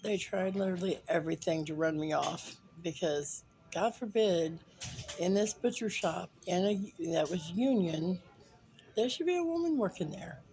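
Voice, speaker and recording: A woman's voice: lowish voice, lively intonation, moderate pace, dark tone, faint music behind, poor audio. A woman in her fifties telling a funny personal story in a chatty way, with fillers and acted-out quotes. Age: 50s. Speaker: vlogger.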